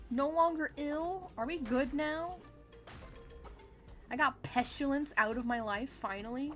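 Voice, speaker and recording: A woman's voice: sits high, takes it slowly, pauses often, a bit bright, faint music behind. A woman streamer giving casual gameplay commentary, chatty and giggly with sudden exclamations.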